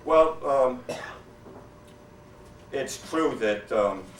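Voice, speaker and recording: A man doing a stand-up routine, telling jokes with deadpan setups and quoted character voices. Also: medium pitch, very slow, slight background noise. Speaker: stand-up comedian. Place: hotel meeting room. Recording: echoey hall from far off. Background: audience laughter.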